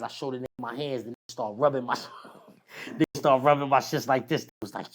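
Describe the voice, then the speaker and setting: A man telling a long personal story in casual, slangy street talk, animated as he retells it. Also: mid-range voice, quick pace, slight background noise. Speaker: podcast guest.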